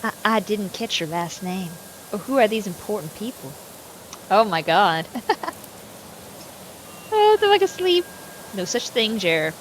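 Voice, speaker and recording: An excitable woman streamer chatting through a game, quick to laugh and jumping up in volume when hyped. Her pitch sits in the middle range. Steady background noise comes through her home stream mic. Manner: excitable and giggly. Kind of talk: casual gaming commentary.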